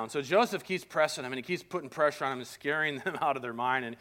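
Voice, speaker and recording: Animated, casual preaching man. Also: fairly high pitch, fast, few pauses. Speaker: pastor. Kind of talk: sermon.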